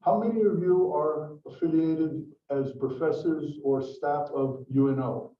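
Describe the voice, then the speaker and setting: A man's voice: a little high, fairly even intonation, unhurried. An older man from Brazil giving a talk to an audience, telling stories in a chatty way with frequent restarts. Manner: chatty storytelling with repeated restarts. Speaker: guest speaker. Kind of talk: lecture to an audience. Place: lecture room. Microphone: microphone from some distance. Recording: roomy, distant, muffled room recording.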